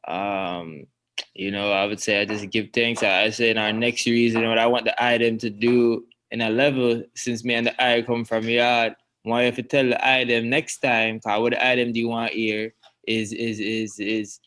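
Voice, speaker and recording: A man's voice: medium pitch, level tone, moderate pace, a bit bright, slight background noise. A man hosting a casual chat, hesitant and restarting his phrases. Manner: hesitant, many fillers and restarts. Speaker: host.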